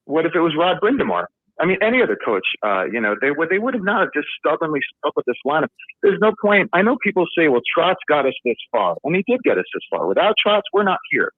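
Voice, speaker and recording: A man's voice: fairly high pitch, very animated, quick pace, dry recording. A man calling in to a sports talk show, venting in a frustrated, emotional rant. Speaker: caller. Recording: tinny phone line.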